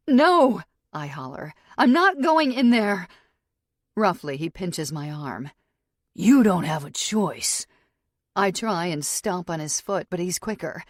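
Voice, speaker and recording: Female audiobook narrator, first-person thriller, tense delivery, lowish voice, dry booth sound. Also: no echo. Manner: tense, suspenseful storytelling.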